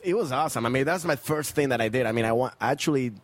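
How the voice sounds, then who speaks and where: Fast-talking Venezuelan-accented man. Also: mid-range voice, no room sound. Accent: Venezuelan Spanish. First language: Spanish. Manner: animated storyteller, laughs often. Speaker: guest comedian. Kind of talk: casual podcast chat.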